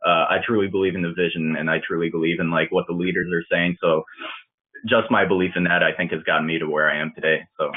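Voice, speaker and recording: A man's voice: low voice, steady tone, fast talker. A man telling his story in a casual, upbeat, rambling way, laughing often between thoughts. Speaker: webinar presenter. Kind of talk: casual motivational talk. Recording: tinny phone-like line.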